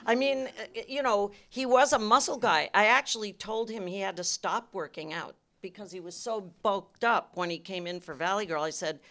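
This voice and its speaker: A woman's voice: medium pitch, moderate pace, few pauses. Emphatic older woman on a panel. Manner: emphatic, animated storytelling with restarts. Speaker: film director on a panel. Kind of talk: panel Q&A answers. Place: cinema auditorium.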